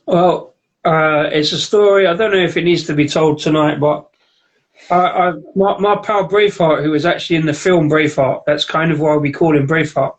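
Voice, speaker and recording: Jokey man with a higher voice. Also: fairly even intonation, moderate pace, rough recording. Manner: jokey, banters and reads out viewer comments. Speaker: co-host of a beer review show. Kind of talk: casual chat and beer tasting on a livestream. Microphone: home setup on a live video stream.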